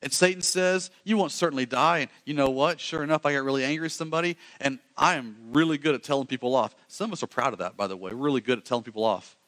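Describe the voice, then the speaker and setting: A male pastor preaching a sermon, animated and quick, swinging from loud emphasis to hushed lines. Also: medium pitch.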